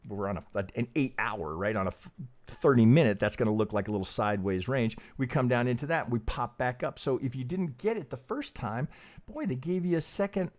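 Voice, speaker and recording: Hosting a casual trading live stream, a brisk, animated man thinks out loud, swears freely, and keeps asking "right?" His pitch leaps up when he's emphatic and sinks low and soft when he mutters.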